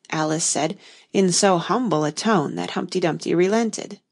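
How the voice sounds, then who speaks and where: A woman narrating a storybook in an expressive audiobook reading. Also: fairly low pitch, normal speed, vocal fry.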